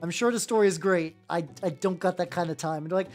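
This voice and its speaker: A woman's voice: lowish voice, fast talker, few pauses, a little mellow. A woman streamer chatting casually and rambling while she paints miniatures, joking at her own expense. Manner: rambling, self-deprecating. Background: faint background music.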